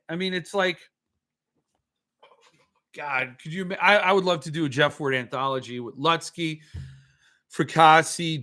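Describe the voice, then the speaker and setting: A man's voice: fairly high pitch, bright, forceful tone. A man hosting a casual livestream, rambling and swearing as he answers viewer comments, a bit tipsy. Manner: rambling, swearing, self-correcting. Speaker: livestream host.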